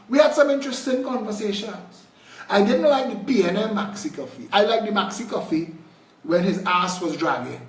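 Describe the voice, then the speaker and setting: A Trinidadian man giving an impassioned political address on a live video, indignant and fiery, swinging between shouting and low muttering. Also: roomy sound, far from the mic. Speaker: political party leader.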